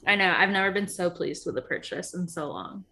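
A woman's voice: on the low side, expressive, a little fast, sharp tone. A woman in her thirties co-hosting a podcast, chatting casually and upbeat, with lots of fillers. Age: 30s. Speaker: podcast co-host. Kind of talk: casual chat. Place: podcast recording setup.

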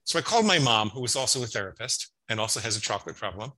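A man's voice: fairly low pitch, expressive, racing, bright, forceful tone, low-quality recording. A man in his fifties, a psychologist guest explaining and telling stories in a conversational interview, often restarting his words. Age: 50s. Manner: explanatory storytelling with frequent restarts.

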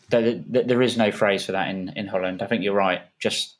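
A man's voice: lowish voice, fairly even intonation, normal speed. A man chatting on a football podcast, wry and teasing. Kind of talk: casual football podcast chat.

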